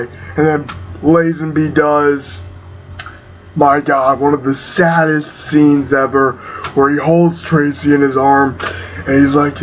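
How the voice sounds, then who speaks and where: Excitable young man reviewing a film. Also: fairly high pitch. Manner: excitable, swears, lots of fillers. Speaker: movie reviewer. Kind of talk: casual video review. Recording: dull lo-fi home recording with faint hiss.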